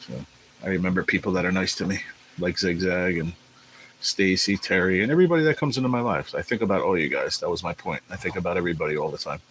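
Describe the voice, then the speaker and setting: Deep-voiced guy rambling on his livestream, kinda tired, laid back, faint hiss in the background. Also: fast, fairly bright tone, low-quality recording. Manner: rambling, laid-back, greets viewers by name. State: tired, low on energy. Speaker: livestream host. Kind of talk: casual livestream chat.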